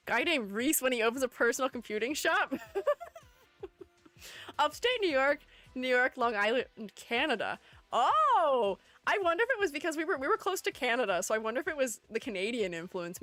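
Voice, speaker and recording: Lively, high-voiced woman chatting on stream. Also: no echo. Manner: chatty and playful, reading chat aloud and answering it. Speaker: streamer ranking game character designs. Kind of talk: casual livestream chat, greeting viewers.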